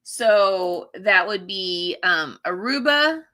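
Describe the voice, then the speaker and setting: Woman, livestream host, bubbly and chatty, slow unhurried talk, bright voice. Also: mid-range voice, animated. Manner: bubbly, chatty, laughs often. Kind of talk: casual live chat reading viewer comments.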